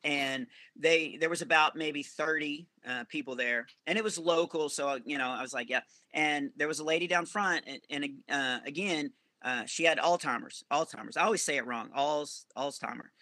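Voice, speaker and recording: A male comedian telling rambling, animated stories as a podcast guest. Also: on the high side, normal speed, hardly any pauses, no echo. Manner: animated, rambling anecdotes with self-corrections. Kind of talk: storytelling podcast interview.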